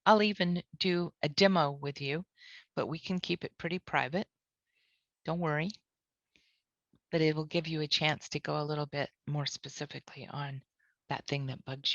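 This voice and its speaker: A woman trainer leading a guided tapping lesson, calmly repeating short phrases as she walks through the points. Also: lowish voice, dry recording. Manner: calm, repeats phrases slowly. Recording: dull lo-fi audio.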